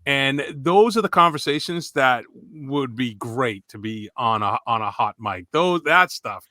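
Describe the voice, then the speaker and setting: A man's voice: medium pitch, expressive, measured pace, pushed and bright, dry recording, studio quality. A man co-hosting a podcast, asking questions and bantering like an enthusiastic fan. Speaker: podcast co-host. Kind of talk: casual chat.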